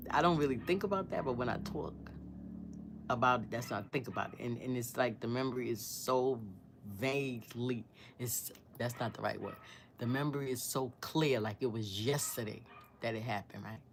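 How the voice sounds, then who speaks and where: Woman, sixties, storytime vlogger, devout, rambling, hushed at times. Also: rumbling low, a little hiss or hum. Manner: rambling, searching for words, drops to a hushed near-whisper; earnest and devout. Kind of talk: emotional personal storytime.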